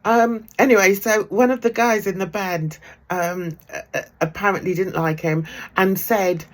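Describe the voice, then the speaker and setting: A woman's voice: mid-range voice, fairly even intonation, unhurried. A middle-aged woman vlogging from her home art room, chatting casually to camera, laughing often and trailing off with ums. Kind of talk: casual gossipy chat to camera.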